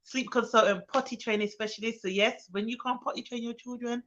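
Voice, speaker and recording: A woman's voice: fairly high pitch, steady tone, fairly quick, a bit bright, muffled recording. Chatty woman on a live stream. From Birmingham, England. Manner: chatty, greets viewers by name, frequent ums. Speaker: childcare expert hosting a live stream. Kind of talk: casual live-stream chat.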